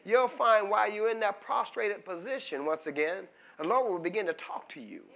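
A man preaching a sermon as pastor, drawing call-and-response answers from the congregation and building to fervent shouts. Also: sits high, moderate pace, creaky.

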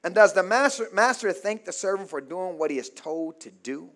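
A man preaching a sermon in call-and-response style, asking the congregation to finish his sentences and swinging between shouts and low murmurs. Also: lively intonation, normal speed. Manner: call-and-response, asks the congregation to fill in words.

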